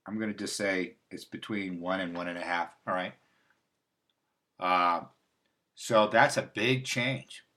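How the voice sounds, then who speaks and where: A man's voice: deep voice, measured pace, long pauses, sharp tone. A man hosting a casual livestream, talking in a loose, rambling way with restarts and asides. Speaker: host. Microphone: livestream mic.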